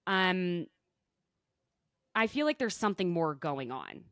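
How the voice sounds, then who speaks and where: A woman hosts a podcast in casual, chatty conversation, spinning her recap with quick asides. Her mid-range voice swings widely up and down as she talks. The sound is dry and close, with no room around it. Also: lowish voice, very animated, fairly bright tone, no echo. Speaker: podcast host. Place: podcast recording.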